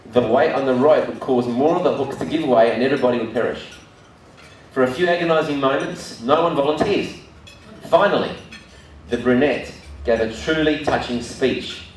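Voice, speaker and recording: A man's voice: medium pitch, a little hiss or hum. Brief: middle-aged Aussie male host, live room talk, heard from a distance in a very echoey hall, faint ambience. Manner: chatty, tells jokes with quoted voices, frequent restarts. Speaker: breakfast event host. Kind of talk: live presentation to a seated audience.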